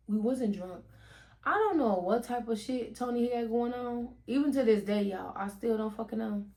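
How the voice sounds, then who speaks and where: A young woman tells a storytime in a lively, casual way, talking straight to her viewers and cursing freely. Her voice sits at an ordinary middle pitch for a woman. She speaks into a headset mic. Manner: animated, addresses viewers as "y'all", swears freely. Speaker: storytime vlogger.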